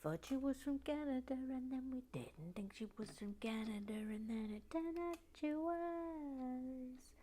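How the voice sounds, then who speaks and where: A woman hosting a building video, chatting casually and self-deprecatingly, slipping between whispers and soft talk. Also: high voice, expressive, measured pace. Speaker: host of a building channel. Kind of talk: casual chat while building, partly whispered.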